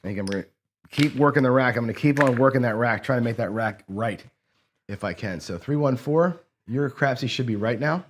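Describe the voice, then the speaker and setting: A man's voice: mid-range voice, a little fast, a little hiss or hum. A man hosting a craps strategy session, talking viewers through each roll and payout in a casual, running commentary. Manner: talks to camera while rolling dice, counting payouts aloud; excitable bursts when a roll goes his way. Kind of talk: casual play-along commentary.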